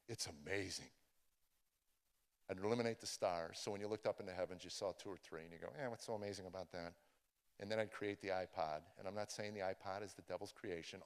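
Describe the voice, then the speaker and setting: A man shares his testimony before a live audience in a big hall, his voice trailing into long reverb. He stammers, restarts and tells it as a story, then builds to excited intensity. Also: deep voice. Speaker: speaker giving a testimony.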